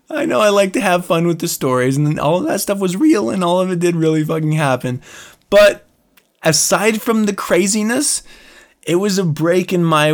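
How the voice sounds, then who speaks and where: A man hosting his own podcast, telling a story in a casual monologue, swearing freely and laughing often as he rants. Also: a little high. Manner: animated, profane storytelling rant with frequent laughs. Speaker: podcast host.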